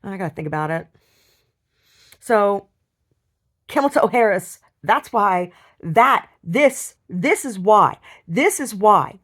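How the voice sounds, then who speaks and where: A woman telling a personal story in a video diary, upset, rambling and halting with many restarts and repeated words. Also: mid-range voice, expressive, a bit bright. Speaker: video diarist.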